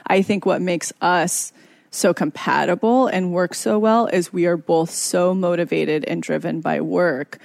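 Young woman co-host, gravelly fry, dry close sound, candid and self-deprecating. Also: on the low side, fairly even intonation, a little slow, a little mellow, no echo. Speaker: podcast co-host. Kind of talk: casual couple chat.

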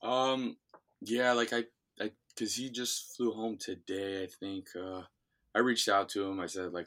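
Young man, deep voice, Midwestern accent, loose chatty guest, filler-heavy. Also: a little slow. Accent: Midwestern American. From Ohio. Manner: relaxed rambling with many fillers. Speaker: guest, former reality show contestant. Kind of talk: casual interview.

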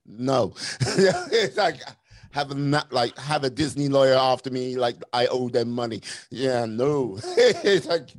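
A man's voice: medium pitch, expressive, takes it slowly. A man hosting a podcast interview in a casual, playful way, laughing often and drawing out his sign-offs. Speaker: podcast host.

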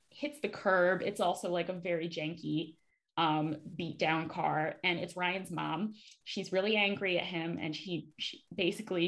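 A woman's voice: fairly low pitch, gravelly, fairly bright tone. A woman casually recapping a TV episode for a podcast, chatty and full of fillers.

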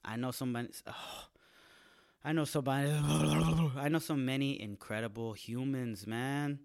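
With a medium-pitched voice, moderate pace, and vocal fry, this man does a loose, vulgar comic monologue for his audience. He's a comedian running his own podcast, leaning on slang and character voices.

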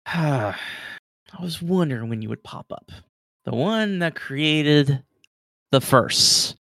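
A man voicing an ancient, weary guardian being who speaks slowly and softly. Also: on the high side, lively intonation, dry recording, full character voice. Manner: slow, soft, world-weary, dry.

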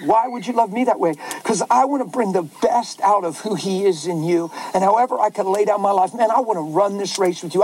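A middle-aged male pastor preaching a sermon in an animated, folksy way, with asides to the crowd. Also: high voice, slightly rough, no echo, rough recording.

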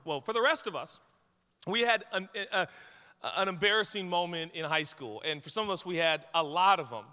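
A pastor from Washington state, USA, preaches in a church sanctuary, telling a lively, self-deprecating story full of jokes. His voice is a little high and sounds like it's in a large hall.

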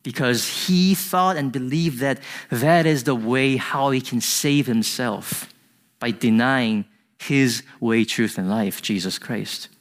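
A pastor gives an earnest, emphatic sermon to a congregation, his phrasing slightly non-native. He speaks slowly in a mid-range voice, building intensity whenever he quotes something. The recording carries a long hall reverb.

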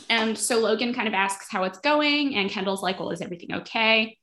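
A woman's voice: fairly high pitch, brisk, fairly bright tone. A woman co-hosting a podcast, chatting casually as she retells a TV episode scene by scene, acting out the characters' lines. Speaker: podcast co-host. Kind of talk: casual chat recapping a TV episode.

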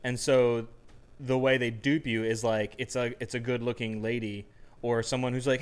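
Man, podcast co-host, casual joking chat, rambling, playful mock voices, mid-pitched voice. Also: flat delivery, normal speed, slight background noise.

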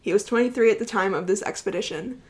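A woman's voice: mid-range voice, quick pace, a little mellow. Young woman around 20, podcast host, rambly and giggly, super casual chat. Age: about 20.

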